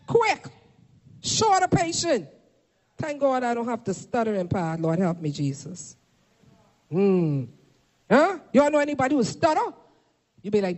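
A woman preaching a fervent sermon to a congregation, shouting at peaks and calling for responses, filmed for a camera. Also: fairly high pitch, big pitch swings, measured pace, pauses often. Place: church or meeting hall. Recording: long hall reverb.

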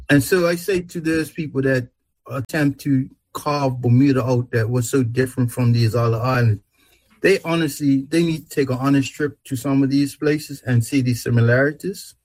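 A man hosting a casual radio talk show, speaking in a relaxed, drawn-out and emphatic way. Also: medium pitch, no room sound, rough recording. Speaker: host.

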